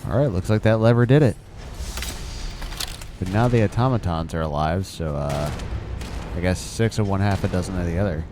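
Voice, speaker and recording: Low-voiced man commenting on a game. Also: normal speed, pauses often, noisy background. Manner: upbeat, exclaiming. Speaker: gaming video host.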